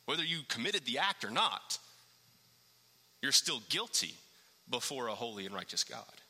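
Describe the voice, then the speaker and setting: A man preaching an expository sermon, animated and swinging from low, quiet stretches to loud, high-pitched emphasis, with rhetorical questions. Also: moderate pace, slightly rough, in a large hall.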